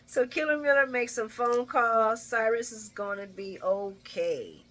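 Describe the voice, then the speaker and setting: A woman's voice: a little high, measured pace, few pauses, a bit bright. A woman hosting a casual soap opera recap, chatty and familiar, retelling scenes and laughing along as she acts out the dialogue. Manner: addresses listeners familiarly. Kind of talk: casual daily show recap.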